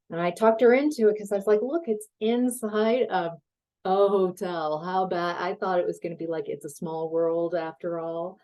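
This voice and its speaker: A woman tarot reader in a relaxed, chatty reading, telling a story and laughing easily. Her voice sits a little low, with a warm, mellow tone and an unhurried pace. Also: poor audio.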